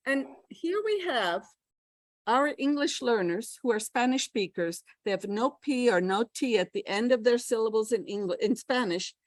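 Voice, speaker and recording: An older American woman with a slightly high voice leads a live pronunciation workshop for teachers in a classroom. She's chatty and demonstrates sounds aloud, with no room sound in the recording.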